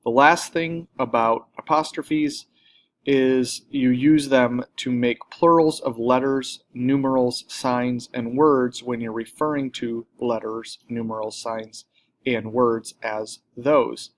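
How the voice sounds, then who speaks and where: A man talks through a grammar lesson in a plain, explanatory way. His voice sits in a middle pitch, neither high nor low. He pauses now and then with a filler or corrects himself mid-sentence. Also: steady tone. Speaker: teacher.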